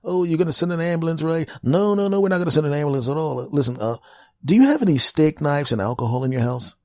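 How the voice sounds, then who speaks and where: Man playing a breezy, high-pitched quack doctor, blithely confident, warm tone. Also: lively intonation, fast, dry recording, studio quality, natural voice. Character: reckless male phone doctor, breezy and absurd.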